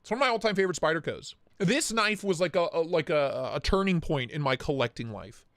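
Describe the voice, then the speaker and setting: A man hosting a casual livestream, excitable and hyped, cursing freely and greeting chat viewers by name. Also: fairly high pitch, brisk, no echo, studio quality. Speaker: livestream host reviewing knives.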